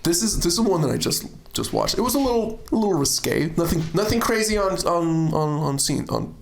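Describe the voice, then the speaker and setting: A man hosting a podcast, telling stories in a casual, animated way and laughing often. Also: high voice, fairly quick, creaky, reverberant. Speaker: podcast host. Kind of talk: casual chat.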